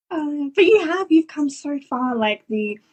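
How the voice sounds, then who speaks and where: A woman's voice: high-pitched, darkish tone, low-quality recording. A woman who is a business coach, speaking as a guest in an effusive, emotional way and swearing casually. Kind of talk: casual conversational interview.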